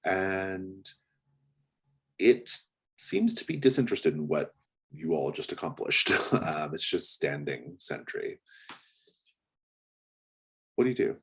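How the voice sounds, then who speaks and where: A man's voice: deep voice, very animated, slow, pauses often, fairly bright tone, slightly rough. A man narrating as game master of a tabletop game, describing scenes in a hesitant way with many fillers.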